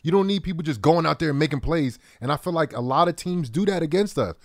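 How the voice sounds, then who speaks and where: A man who played football talks casually on a sports show, repeating phrases and filling with "like." His voice sits slightly high. The sound is dry and close. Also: lively intonation, quick pace, dry recording. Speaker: former football player co-host.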